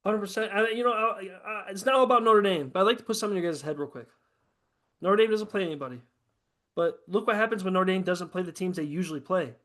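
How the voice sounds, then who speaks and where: A man hosting a casual podcast chat, talking in a profane, excitable, ranting way. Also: high-pitched, quick pace. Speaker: host.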